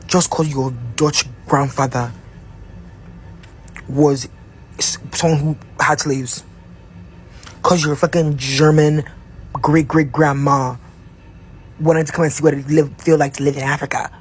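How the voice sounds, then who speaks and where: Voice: medium pitch, steady tone, measured pace, pauses often, soft background music. A person in a commentary video, indignantly firing off rhetorical questions.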